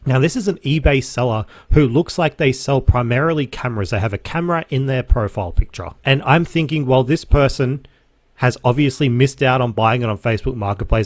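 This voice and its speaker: A man's voice: medium pitch, no echo. Ranting young Australian man, dry room. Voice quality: animated, swears freely, sarcastic. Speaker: podcast host, reseller. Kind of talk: casual ranting monologue.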